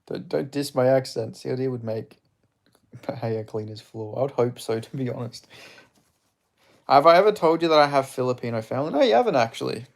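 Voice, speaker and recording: Gravelly young man streaming fight commentary. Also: mid-range voice, expressive, fairly quick. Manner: chatty, reacting to strikes, reading viewer chat aloud; blunt, swears freely. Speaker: streamer hosting a live fight watch-along.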